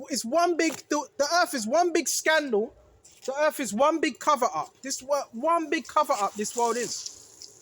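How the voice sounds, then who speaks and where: A religious video maker addresses viewers in an informal sermon, their voice high and a bit bright against slight background noise. They repeat key phrases, restart sentences to correct themselves, and often ask "right?"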